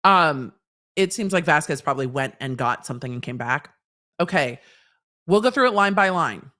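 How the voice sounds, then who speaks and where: A woman's voice: low-pitched, lively intonation, normal speed, fairly bright tone. Blunt, sarcastic woman lawyer host. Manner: sarcastic, blunt, lecturing with everyday examples; swears casually. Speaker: lawyer commentator and show host. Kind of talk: reading court transcripts aloud with live commentary.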